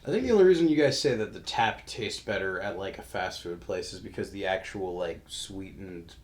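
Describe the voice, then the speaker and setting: A man's voice: sits low, expressive, a little fast, darkish tone. A young man co-hosting a casual podcast, blunt and teasing, with frequent swearing. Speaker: podcast co-host. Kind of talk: casual chat.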